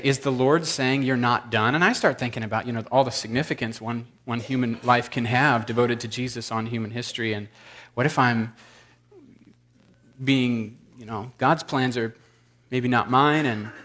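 A man's voice: mid-range voice, steady tone, normal speed, fairly bright tone. A man in his thirties telling a rambling, self-deprecating story to a congregation. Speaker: preacher.

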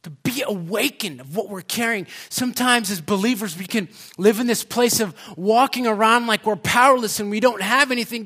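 High, bright-voiced man preaching. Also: normal speed, few pauses. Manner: storytelling, building to loud impassioned preaching; many fillers and restarts. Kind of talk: sermon.

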